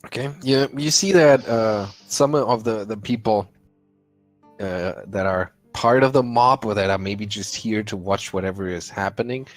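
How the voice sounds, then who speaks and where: Slow, hesitant game master, a man. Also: lowish voice, no echo, soft background music. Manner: hesitant, many fillers. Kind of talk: narrating a tabletop game.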